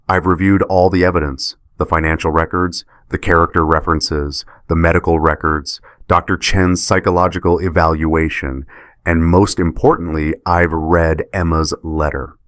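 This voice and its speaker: A man's voice: low-pitched, no room sound, studio quality. A man reading as a stern female judge. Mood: measured. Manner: measured and steady. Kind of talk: scripted story narration.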